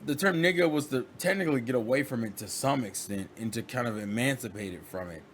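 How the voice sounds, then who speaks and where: A man vlogging in a casual monologue, rambling and animated, often restarting and acting out quotes. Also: medium pitch, fast talker, slight background noise.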